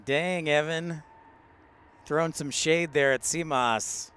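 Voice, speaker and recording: A man's voice: a little high, fairly even intonation, unhurried, a bit bright, smooth. A man hosting a casual live stream from outdoors at a large airport, chatting with viewers, greeting them by name and laughing often. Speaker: live-stream host, plane spotter.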